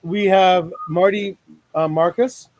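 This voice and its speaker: A man's voice: high voice, fairly even intonation, takes it slowly, darkish tone, no room sound, rough recording. A man hosting a casual online talk show over a video call, joking and rambling with lots of fillers.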